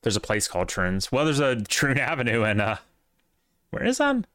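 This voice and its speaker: A man's voice: medium pitch, huge pitch swings, normal speed, fairly bright tone, dry recording, clean studio sound. A man co-hosting a casual podcast chat, opinionated and rambling, with plenty of fillers. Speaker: podcast co-host.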